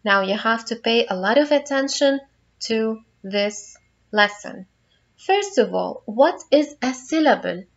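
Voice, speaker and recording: A woman's voice: a little high, expressive, measured pace, lo-fi sound. A woman teaching a phonics lesson to young children, patiently guiding them through each word step by step.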